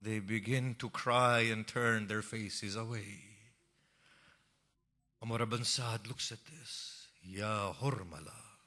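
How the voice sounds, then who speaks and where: A man narrating an emotional religious story in a sermon, moving from hushed tones to impassioned cries. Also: lowish voice, slow pace. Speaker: preacher.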